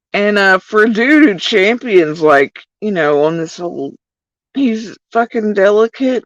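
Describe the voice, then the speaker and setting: A woman's voice: medium pitch, measured pace, no echo, muffled recording. A woman livestreamer talking casually to her chat in a profane, heated rant, addressing viewers directly. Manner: profane, animated ranting.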